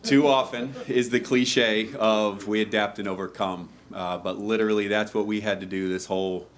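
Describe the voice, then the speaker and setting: A man's voice: lowish voice, steady tone, moderate pace, slight background noise. A man, a fire lieutenant, giving an informal speech at a ceremony, candid and joking, with many fillers. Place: hall at a ceremony before an audience.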